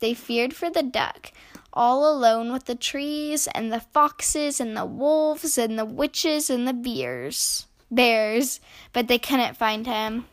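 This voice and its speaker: A woman reading a children's picture book aloud in an expressive storytelling voice. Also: a little high. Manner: slow, expressive read-aloud.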